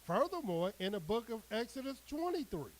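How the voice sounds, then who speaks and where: A man preaching a sermon, reading scripture aloud and expounding on it with an emphatic, drawn-out cadence. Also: very high-pitched, sing-song, rough recording.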